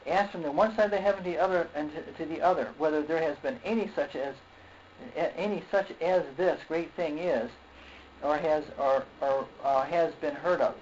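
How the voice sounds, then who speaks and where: A man preaching a sermon in a halting way, repeating words, often saying okay and clearing his throat. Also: on the high side, a little mellow. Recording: dull lo-fi recording with faint noise.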